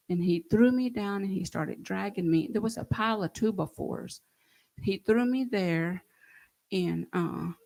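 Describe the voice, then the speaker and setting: A woman, telling her own story in a halting, hushed and earnest way. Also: medium pitch, vocal fry, low-quality recording. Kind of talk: recounting a personal story.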